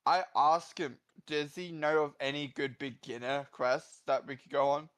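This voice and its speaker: A man's voice: a little high, normal speed, a bit bright, clean tone. A man playing in a tabletop game, asking eager questions and tripping over his words. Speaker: player. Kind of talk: casual tabletop game chat.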